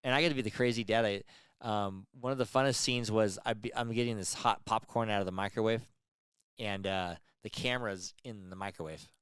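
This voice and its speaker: A middle-aged man co-hosting a casual chat, telling animated stories and acting out what people said, laughing often. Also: on the low side, a little fast, smooth, dry recording. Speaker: podcast co-host.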